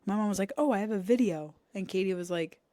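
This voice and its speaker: A woman's voice: mid-range voice, fast, mellow, no room sound. A woman co-hosting a podcast, chatting casually and jumping in to add details. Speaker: podcast co-host. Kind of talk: casual chat. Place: home podcast studio.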